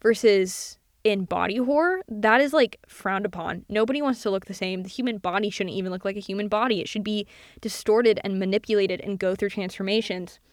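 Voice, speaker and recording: A woman's voice: mid-range voice, fairly quick, no echo, studio quality. A young woman hosting her own podcast, talking casually and animatedly about film, full of fillers and casual swearing. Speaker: podcast host. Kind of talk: casual solo commentary.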